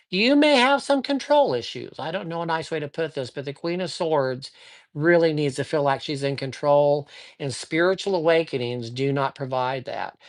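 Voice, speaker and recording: A man hosting a casual live stream, telling ghost stories with lively acted-out dialogue and giving tarot readings to viewers. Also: fairly high pitch. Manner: lively storyteller who acts out dialogue. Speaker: live-stream host and psychic reader.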